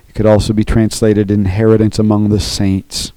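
A man's voice: on the low side, monotone, moderate pace, mellow, no echo, low-quality recording. A man preaching a sermon as pastor, earnest, often checking in with the congregation by asking "okay?".

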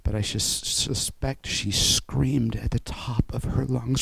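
A man's voice: mid-range voice, fairly even intonation, slow, vocal fry, few pauses, fairly bright tone, breathy edge, dry recording, rough recording. A man preaching an emotional, fervent sermon over an online call. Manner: emotional and fervent, voice rising and falling.

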